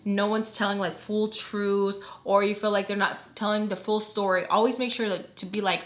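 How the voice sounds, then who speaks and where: A woman's voice: medium pitch, steady tone, fast, fairly bright tone. A young woman telling a personal story in a casual vlog, chatty and full of fillers, acting out the quoted dialogue. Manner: chatty, filler-heavy with constant "like".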